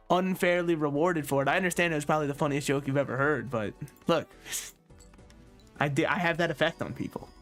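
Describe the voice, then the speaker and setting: A man's voice: on the high side, fairly bright tone. A man giving casual, joking commentary while he plays a card game, teasing the game and poking fun at himself. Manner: joking, self-deprecating, talks to the game. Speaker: gaming channel host.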